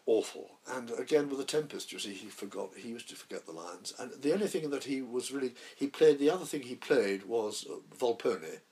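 Old guy in his 80s, gravelly voice, rambly actor telling theatre stories. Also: medium pitch, expressive, a little fast, few pauses, dark tone. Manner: rambling storyteller, many restarts. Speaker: actor, guest. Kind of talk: anecdotal interview chat.

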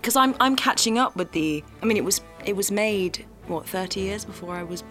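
A woman's voice: medium pitch, animated, fairly quick, loud music behind the voice. A young woman in her twenties, an actress and podcast guest, chatting enthusiastically with giggles and hesitant fillers. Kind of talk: casual chat.

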